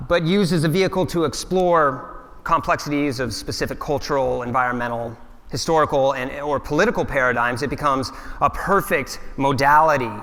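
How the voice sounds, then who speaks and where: A man's voice: on the high side, fairly bright tone. Earnest man telling his story in a hall. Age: 30s. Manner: earnest, reflective, with frequent restarts. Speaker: keynote speaker. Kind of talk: storytelling keynote talk. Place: large conference hall. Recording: hall reverb from a large venue.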